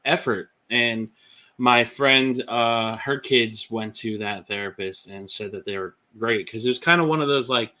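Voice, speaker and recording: A man's voice: mid-range voice, a little slow, bright, forceful tone. A man telling his own story as a podcast guest, candid and chatty with many fillers. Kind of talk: personal testimony.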